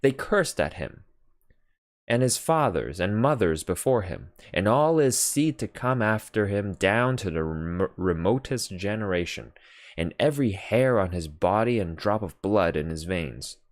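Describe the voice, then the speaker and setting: Deep slow male storybook narrator. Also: dry recording. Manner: measured, expressive reading. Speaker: audiobook reader. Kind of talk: unhurried literary narration.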